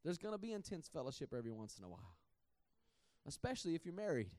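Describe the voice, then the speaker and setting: High-voiced preacher, chatty and dry. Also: male voice, sing-song, fast talker, darkish tone, no echo. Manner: conversational, repeats words, laughs at himself. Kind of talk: sermon.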